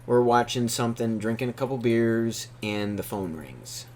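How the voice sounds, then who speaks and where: A man's voice: mid-range voice, moderate pace, darkish tone, slight background noise. Profane rambling storyteller man. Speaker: podcast co-host telling a story. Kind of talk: casual storytelling chat.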